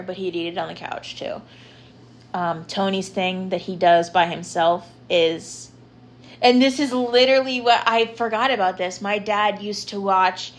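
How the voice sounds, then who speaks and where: A young woman hosting a podcast, talking casually and rambling with lots of filler words. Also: mid-range voice. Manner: chatty, rambling, lots of ums and likes. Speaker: podcast host. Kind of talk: casual solo podcast talk.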